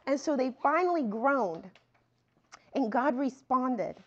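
A woman with a slightly high voice teaches a Bible lesson in a chatty, down-to-earth way. She reads scripture aloud, then breaks into lively asides. The sound is muffled and lo-fi. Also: a little slow. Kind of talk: teaching sermon.

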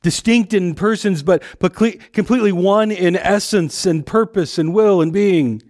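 A man's voice: high voice, normal speed, darkish tone. A man preaching a sermon in a conversational way, often repeating words as he thinks aloud.

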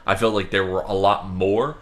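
A man's voice: low-pitched, steady tone, normal speed. A man co-hosting a casual podcast, giving opinionated takes with exasperated emphasis. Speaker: podcast co-host. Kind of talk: casual wrestling podcast chat.

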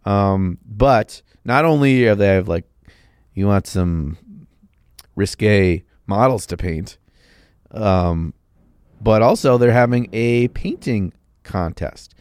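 A man's voice: lowish voice, slow, darkish tone, dry recording. A man co-hosting a podcast in laid-back casual chat, stumbling into restarts now and then. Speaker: podcast co-host.

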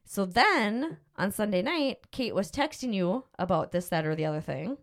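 A woman's voice: mid-range voice, expressive, normal speed. A middle-aged woman hosting a podcast, telling a personal story in a rambling, emotional way with lots of fillers. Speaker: podcast host. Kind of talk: casual storytelling chat.

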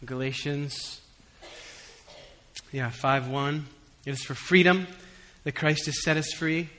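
A male pastor delivers a sermon with a bright, forward voice, drifting between relaxed, conversational storytelling and emphatic, raised appeals to the room. His words ring out with a long reverb tail from the church hall. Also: on the high side, takes it slowly, long pauses, slight background noise. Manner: conversational preaching with humorous asides; swings between soft and emphatic.

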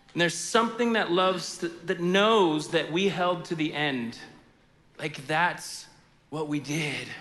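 A man preaching a sermon as pastor in a church sanctuary, in a conversational, animated way with frequent fillers. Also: high-pitched, long reverb tail.

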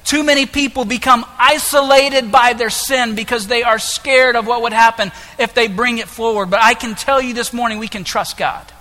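A man preaching a sermon as pastor, impassioned, moving between hushed lines and loud ones. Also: very high-pitched, fairly even intonation, normal speed, hardly any pauses. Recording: echoey hall with long reverb.

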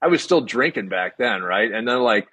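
Middle-aged male guest, candid anecdotes, husky and dry close sound. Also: fairly low pitch, lively intonation, normal speed, pushed and bright, no room sound, lo-fi sound. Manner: candid storyteller, laughs often, acts out quotes. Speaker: guest drummer. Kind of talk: casual interview chat.

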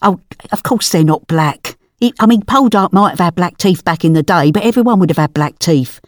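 A woman's voice: fairly low pitch, brisk, a little hiss or hum, lightly acted. A woman playing a nosy, celebrity-obsessed older mum, talking in a brassy, defensive way in a scripted comedy sketch. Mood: scornful. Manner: brassy, defensive, casual slang. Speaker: comedy podcast character.

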